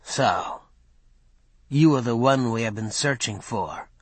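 A man reading an audiobook, voicing a stern male gate guard who gives low, curt commands. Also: slow, husky, dry recording. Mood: gruff.

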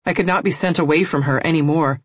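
A woman reading a first-person novel aloud in a measured, emotional storytelling manner. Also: low-pitched, husky, dry recording. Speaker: audiobook narrator.

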